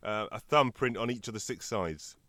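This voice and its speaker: A middle-aged man co-hosting a podcast in casual chat, jokey and animated as he tells stories. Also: on the low side, moderate pace, no room sound, studio quality. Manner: chatty, jokey, animated storytelling. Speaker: podcast co-host.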